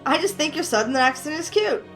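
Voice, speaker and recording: Brief: woman as a bright, playful young heroine in a story game, teasing and upbeat, high voice. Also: expressive, a little fast, soft background music. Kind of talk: reading a visual novel aloud.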